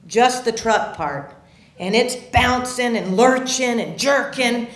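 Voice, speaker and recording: Woman, storyteller, live story slam, animated, hushed to loud, echoey theater. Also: on the high side, slow pace. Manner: animated, swings from hushed to shouting. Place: theater stage.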